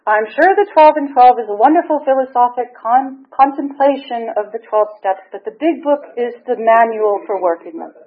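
A woman's voice: a little high, expressive, normal speed, few pauses, voice pushed up. Brief: proper, precise older woman sponsor, put on by a woman mid-story; narrow telephone sound. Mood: prim. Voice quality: refined, precise.

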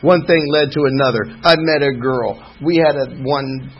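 At a recovery meeting, a man shares his personal recovery testimony, rambling and candid with a wry sense of humor. His voice is medium-pitched and moderately paced, captured in a muffled lo-fi recording with slight background noise.

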